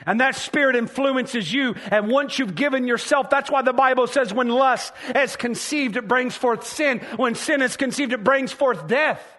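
Preacher guy w a really high voice, fervent n emphatic, shouts at times. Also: normal speed, few pauses. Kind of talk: sermon.

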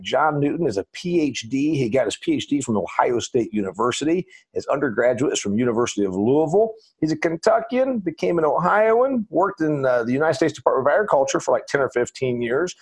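A man hosts a podcast in a folksy, emphatic way. His voice is a little husky, and his pitch rises and falls a lot as he leans into the points he makes. The talk stays casual and chatty. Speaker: podcast host.

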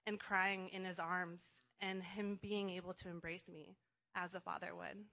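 A woman's voice: medium pitch, little pitch movement, moderate pace, bright, forceful tone. A young woman sharing an earnest, rambling church testimony with fillers. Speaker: congregation member sharing testimony. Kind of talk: personal testimony at church gathering.

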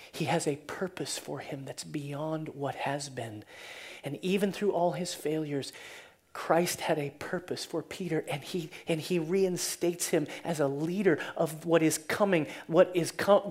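Woman pastor preaching, chatty storytelling, goes big then drops to a hush. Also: on the low side. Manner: animated, swings from loud to hushed; casual, conversational retelling. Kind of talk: sermon storytelling.

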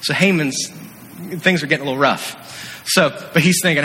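Bright, energetic man preaching in a hall. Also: on the high side, normal speed. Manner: energetic, playful, acts out scenes. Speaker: youth pastor. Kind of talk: animated sermon storytelling. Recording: echoey hall.

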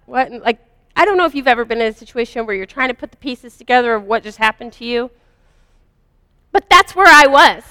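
Bright high-voiced woman telling a story. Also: expressive, fairly quick, no room sound, long reverb tail. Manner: earnest, confessional, vivid retelling. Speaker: speaker sharing a personal story. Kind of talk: first-person spiritual storytelling.

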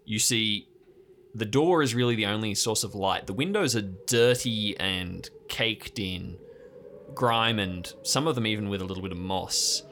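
A man running a tabletop game as game master, slowly describing each scene in detail. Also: on the low side, pushed and bright. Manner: slow, descriptive scene-setting.

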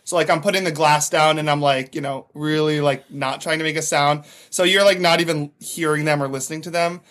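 A man's voice: on the high side, steady tone, fairly quick, fairly bright tone. A man talking as a podcast guest, a chatty storyteller who fills his talk with "like". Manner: chatty storyteller, heavy use of "like". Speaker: podcast guest, former TV extra. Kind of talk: casual chat.

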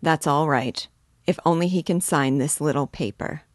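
A woman's voice: deep voice, normal speed, dry recording, studio quality. A woman reading as a humble, fussy office messenger. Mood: deferential. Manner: humble, fussy, overly polite. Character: timid, deferential male office messenger.

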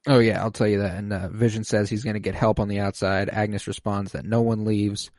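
A low-pitched man talks through a show's plot in casual podcast chat. He bursts into higher voices when quoting characters. The sound is dry and close. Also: level tone, a little fast, a little mellow, dry recording. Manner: recaps plot, acts out quoted lines in a raised voice. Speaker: podcast co-host recapping an episode.

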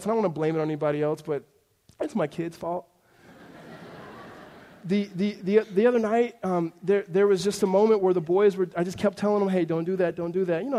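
A man in his thirties preaching a sermon to his congregation in a conversational way, dropping to a hush and then rising to emphatic points. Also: high voice. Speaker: pastor.

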